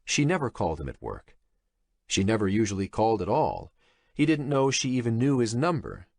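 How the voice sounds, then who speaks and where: A male narrator reads a thriller audiobook with a dramatic, expressive delivery. His voice sits fairly low, but his intonation swings widely from phrase to phrase, and the recording is close and completely dry. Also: a little fast, dry recording. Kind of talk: scripted narration.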